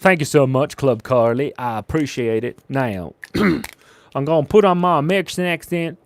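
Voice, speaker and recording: A man's voice: mid-range voice, unhurried. A man hosting a live drawing stream, reading chat messages aloud and trading silly jokes with viewers. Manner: jokey, playful, reads chat aloud. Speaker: livestream artist.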